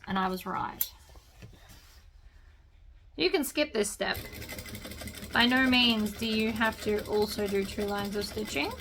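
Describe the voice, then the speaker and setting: Woman, sewing tutorial host, slightly high voice, chatty, thinks aloud, sewing machine running behind, faint noise. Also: pushed and bright. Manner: chatty, talks to herself while working, enthusiastic about her stitching. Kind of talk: relaxed instructional sewing talk.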